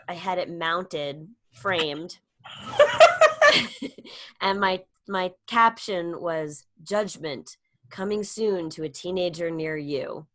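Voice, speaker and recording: A middle-aged woman with a lowish voice tells a story in a relaxed interview. She is animated, throwing her pitch way up whenever she acts out what someone said. Her pace runs even, with quick bursts. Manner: animated storytelling, acts out quotes with sudden high pitch jumps. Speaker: guest, comedian and public speaker.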